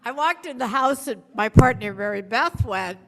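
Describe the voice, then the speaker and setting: A woman's voice: on the high side, lively intonation, normal speed, vocal fry, a bit bright. A woman giving a chatty, self-deprecating storytelling sermon to a congregation, acting out the quotes she tells. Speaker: speaker at a congregation. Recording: long hall reverb.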